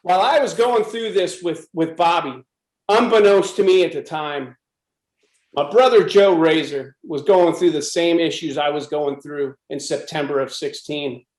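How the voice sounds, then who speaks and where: Intense high-voiced man telling his story. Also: moderate pace, darkish tone, roomy sound, low-quality recording. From USA. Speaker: speaker at a club presentation. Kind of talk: personal testimony talk.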